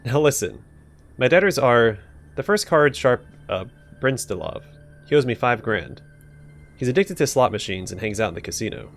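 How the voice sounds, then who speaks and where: A man voicing an old male thief turned loan shark in a video game, talking in breezy slang that turns to threats. He pitches it a bit higher than his own voice and makes it lively, with a gravelly edge. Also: moderate pace, slight background noise, natural voice. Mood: swaggering.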